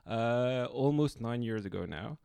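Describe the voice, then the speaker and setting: A man from France with a French accent, hosting a podcast and asking his guest relaxed questions. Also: medium pitch, a little slow, creaky, clean tone, dry recording. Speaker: podcast host. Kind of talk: casual interview chat.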